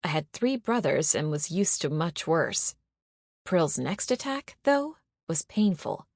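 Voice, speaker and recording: A woman narrating a first-person audiobook in a measured, even storytelling manner. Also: low voice, no echo, clean studio sound.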